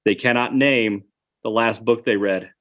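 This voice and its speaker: A man's voice: on the low side, unhurried, a bit bright. A man giving an online webinar presentation, earnest and conversational, speaking straight to his audience.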